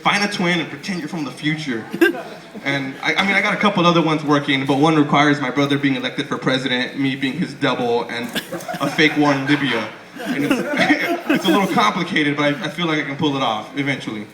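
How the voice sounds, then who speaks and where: A man's voice: mid-range voice, lively intonation, a little fast. Young man, stand-up comedian, profane, stammering, echoey club, audience laughter behind. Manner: rambling, profane, stammers and restarts. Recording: echoey club with crowd noise.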